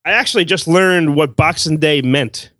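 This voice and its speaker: A man co-hosting a fan podcast, chatting in a quick, excitable way. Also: on the high side, no echo. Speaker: podcast co-host. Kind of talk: casual chat.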